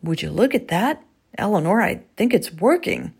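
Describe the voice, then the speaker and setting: A woman's voice: mid-range voice, big pitch swings, normal speed, creaky, a little mellow, breathy edge, exaggerated voice. A woman reading a scheming husband at war with a squirrel. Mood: gleeful. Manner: gleeful, scheming. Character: grumpy married man feuding with a squirrel.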